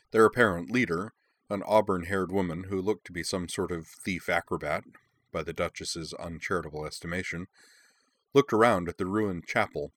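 Deep-voiced male audiobook narrator. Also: no room sound. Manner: measured, expressive storytelling.

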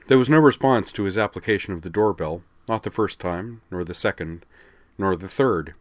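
A man narrating a story aloud in a steady, measured way. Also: deep voice, no echo, clean studio sound. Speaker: story reader. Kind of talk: audiobook narration.

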